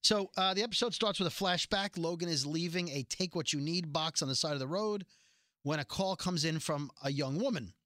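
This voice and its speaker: A man briskly recaps a TV episode on his laid-back podcast, joking around and drifting into tangents. The recording is dry and close with no echo, and his voice is bright and sits a little high.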